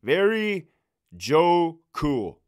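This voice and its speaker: Man, former prison officer, casual storytelling, profane, lively swooping delivery. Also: a little high, extremely slow. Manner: animated, profane, laughing as he tells it.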